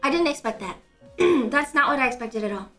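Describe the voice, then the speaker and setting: A young woman chats her way through a game stream, excitable and quick to laugh, swearing and stammering as she reacts. Her voice sits very high and swoops all over. Its tone is bright and sharp, with faint game music playing underneath. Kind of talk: casual game-stream chat.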